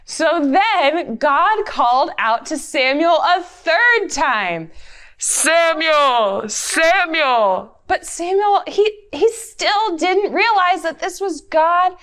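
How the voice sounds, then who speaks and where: A woman's voice: very high voice, lively intonation, takes it slowly, few pauses, fairly bright tone. A woman leading an interactive Bible story for children, playfully coaxing them to join in. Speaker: children's Bible lesson leader.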